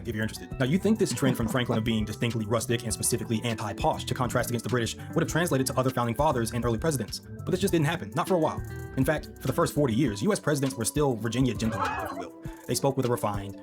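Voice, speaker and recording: Rapid-fire male history narrator. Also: medium pitch. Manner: quick, wry asides to the viewer. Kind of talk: scripted narration. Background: background music.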